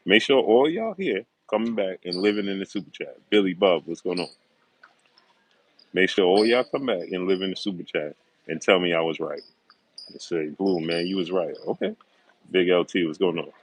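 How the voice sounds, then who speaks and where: Hosting a sports livestream, a middle-aged man calls out viewers by name and drives home his confident predictions by saying them again. His low voice is slightly rough, and the low-quality recording has no echo.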